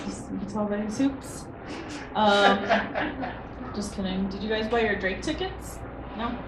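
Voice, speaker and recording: A woman's voice: mid-range voice, measured pace. A woman in her twenties doing a stand-up comedy set, self-deprecating and hesitant with many ums. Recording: roomy venue from a distance, noisy.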